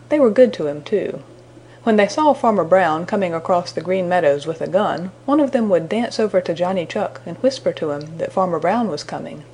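Husky woman reading a children's story. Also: lowish voice. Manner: gentle, measured storytelling. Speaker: storybook narrator.

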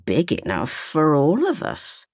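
A sly, disdainful old grandmother , as a woman reading aloud puts her on, clipped and dry in her answers. The voice is a little husky, and she draws her words out slowly. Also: a little high, huge pitch swings, dry recording, voice pushed up, full character voice. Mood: curt.

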